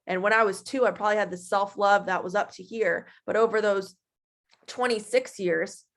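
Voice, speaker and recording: A woman in her twenties giving a casual, animated motivational talk to her team, chatty and full of feeling. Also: medium pitch, moderate pace. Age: 20s. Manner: animated and chatty, acting out her own past voice.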